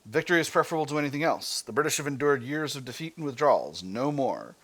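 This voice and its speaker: A man's voice: mid-range voice, very animated, fast talker, fairly bright tone. American man reading game text aloud. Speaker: gaming channel host.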